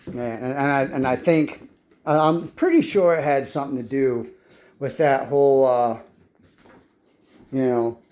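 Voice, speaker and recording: A man's voice: mid-range voice, a little slow, pauses often, darkish tone. A man telling his life story in a rambling, casual monologue, swearing constantly and often stumbling and repeating words as he restarts his sentences. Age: adult.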